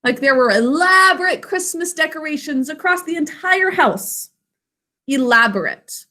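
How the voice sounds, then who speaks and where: A woman's voice: high-pitched, bright, forceful tone. A woman teaching an online literacy lesson over a video call, sounding words out carefully syllable by syllable. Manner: slow, careful syllable-by-syllable enunciation.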